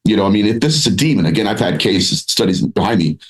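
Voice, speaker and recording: A man with a somewhat low voice talks as a podcast guest. He is animated and rambling, restarting his sentences and slipping into little acted-out voices as he explains. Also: fast talker, rough recording. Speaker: paranormal researcher and author, podcast guest. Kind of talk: conversational interview.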